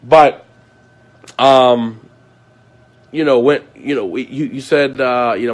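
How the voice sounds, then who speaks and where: A man's voice: mid-range voice, steady tone, takes it slowly, long pauses. Aggrieved man ranting to viewers. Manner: aggrieved, repetitive, swears often. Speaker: vlogger.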